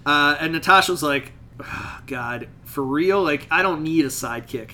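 A man casually recapping a comic book issue on a podcast, slipping into quick character voices as he retells scenes. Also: on the high side, bright, forceful tone, slight background noise. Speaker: podcast host.

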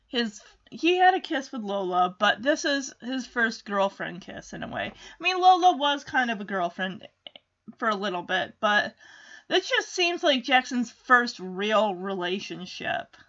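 A woman chatting through a sitcom recap. Her voice is high and bright, and it swings widely in pitch. The recording sounds a bit dull and muffled. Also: big pitch swings, slow. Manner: chatty, acts out characters' lines. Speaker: show recap host. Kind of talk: casual episode recap.

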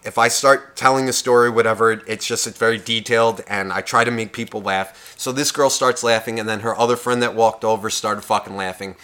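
This podcast co-host speaks a little fast in a lowish male voice, with hardly a pause. Chatting casually, he recounts a bar story full of profanity, animatedly performing everyone else's lines in changing voices.

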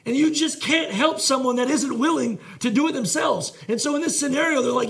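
A man's voice: very high-pitched, a little fast, gravelly, few pauses, fairly bright tone. A male pastor preaching a sermon in a conversational, earnest way, full of fillers and restarts. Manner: earnest, heartfelt delivery.

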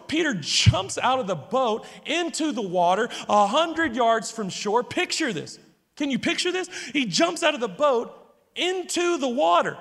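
A man delivers a sermon with dramatic storytelling, often turning to ask his listeners questions. His voice sits high. The hall around him adds a long echo. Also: fairly bright tone. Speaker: preacher.

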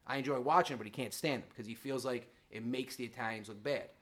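A man, a comedian guest talking in a casual podcast chat, emphatic and animated. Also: mid-range voice, quick pace.

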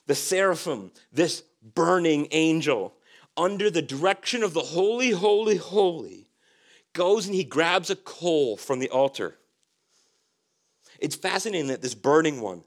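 A man delivers a sermon as pastor, his voice sitting a bit higher than most men's. He leans on repeated phrases for emphasis and often sinks into soft, low lines. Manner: emphatic preaching with repetitions and sudden drops to soft tones.

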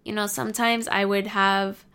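A woman's voice: medium pitch, flat delivery, moderate pace, a bit bright, clear, resonant tone. A young adult woman vlogger giving casual, candid life advice to her viewers, confiding and swearing freely.

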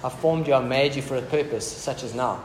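A pastor with a medium-pitched voice delivers a casual, joking sermon a little fast in a church hall. The audio is echoey, with background noise.

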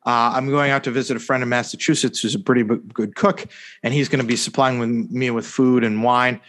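A man's voice: mid-range voice, steady tone, a little fast, fairly bright tone. A man co-hosting a casual sports podcast, rambling through a sarcastic story full of fillers and mock-serious "hypothetically" asides. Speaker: podcast co-host.

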